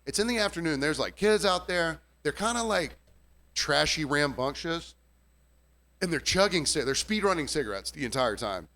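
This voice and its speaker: At a moderate pace and with a fairly high pitch, this bartender shares a story in a casual podcast conversation. Expect free swearing, plenty of energy and impressions of the customers he describes.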